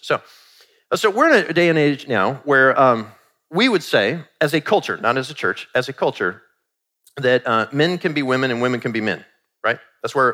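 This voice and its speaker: A middle-aged man preaching a sermon in a conversational, animated way, acting out quoted asides. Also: mid-range voice. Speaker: pastor.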